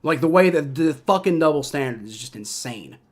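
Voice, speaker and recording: A man's voice: a little high, lively intonation, fairly quick. Heated young man ranting over a game. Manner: heated, profane, ranting with many restarts. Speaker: live reaction streamer. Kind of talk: live game reaction and play-by-play.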